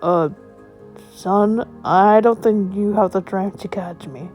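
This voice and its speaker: A woman voicing a gentle, patient father in a children's story, with soothing, unhurried reassurance. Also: mid-range voice, faint music behind, lightly acted. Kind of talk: storybook character voice.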